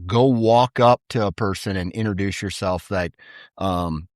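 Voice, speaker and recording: Casual male podcast storyteller, lower register, dry close sound, easygoing and animated. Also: a little slow, dry recording. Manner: animated storyteller, laid-back, says "dude" a lot. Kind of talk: casual chat.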